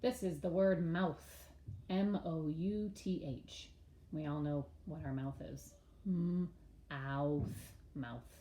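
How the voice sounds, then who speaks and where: Patient woman teacher spelling words slowly. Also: low-pitched, roomy sound. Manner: slow letter-by-letter spelling, patient and expressive. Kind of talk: early-grades reading lesson.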